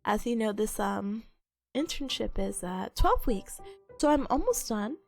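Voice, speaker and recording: A young woman chatting casually on a stream, sick with a nasal, hoarse voice, giggly and rambling. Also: fairly high pitch, animated, unhurried, faint music behind.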